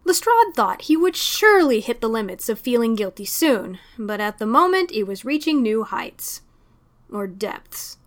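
Woman, story reader, steady expressive narration, slightly high pitch. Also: normal speed. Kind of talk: audiobook fan fiction reading.

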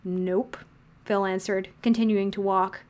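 A woman narrating a fan-fiction story aloud in a steady, wry storytelling manner. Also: on the high side, moderate pace. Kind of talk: audiobook fan-fiction reading.

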